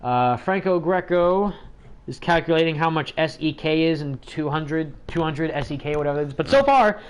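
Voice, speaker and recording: A man's voice: a little high, expressive, normal speed, smooth. A man hosting a gaming livestream, talking in a chatty, rambling way with lots of fillers. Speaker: livestream host.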